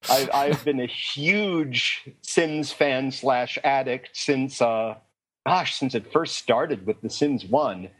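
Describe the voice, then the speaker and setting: A man's voice: medium pitch, slow pace. A man speaking on a casual podcast panel, enthusiastic and self-deprecating.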